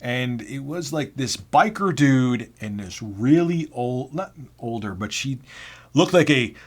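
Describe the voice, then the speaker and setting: A man's voice: medium pitch, animated, slow. A man telling personal work stories to camera in a casual, blunt, self-deprecating way. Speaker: vlogger. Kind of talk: casual storytelling.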